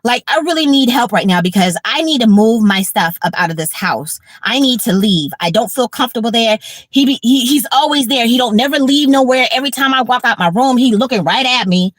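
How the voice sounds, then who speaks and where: A woman's voice: a little high, a little fast, dry recording. A woman in her fifties, tired and blunt, talking casually on a livestream with profanity and repetition. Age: 50s. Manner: blunt, profane, repeats herself. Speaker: livestream host.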